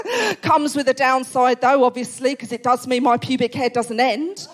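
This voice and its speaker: A woman's voice: high voice, a little fast, very noisy. A woman in her forties with an Essex accent, doing stand-up comedy in a club, brash, sweary and self-mocking. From England. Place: comedy club, live audience.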